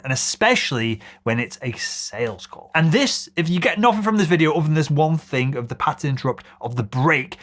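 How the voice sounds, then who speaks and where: Upbeat man, sales coach explaining cold calls, animated delivery. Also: mid-range voice. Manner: energetic, acts out cold-call lines with a bright upward lilt. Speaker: sales trainer. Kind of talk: scripted sales lesson to camera.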